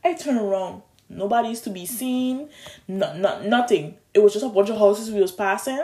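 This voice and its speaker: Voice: mid-range voice, normal speed, reverberant. Young adult telling a story with a lilt. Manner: animated, restarts and stumbles, colloquial. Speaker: vlogger. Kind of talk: casual storytime monologue. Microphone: phone.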